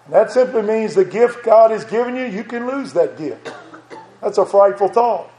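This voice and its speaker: An older male preacher delivers an earnest sermon with a fairly high voice. He repeats his words as he presses a point and reads scripture aloud. The sound rings in an echoey church. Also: animated, moderate pace, mellow, faint music behind.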